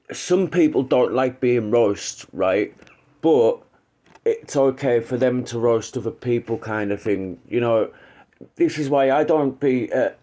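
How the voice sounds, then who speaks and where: A man's voice: mid-range voice, dark tone. A man hosting his channel, giving casual commentary in a rambling, hesitant way with some swearing. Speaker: YouTube channel host.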